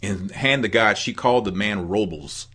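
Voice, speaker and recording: A man's voice: fairly low pitch, normal speed, very noisy. A middle-aged man from the American Midwest, co-hosting a casual chat and telling stories with lots of laughter. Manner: animated storyteller, laughs often. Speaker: podcast co-host.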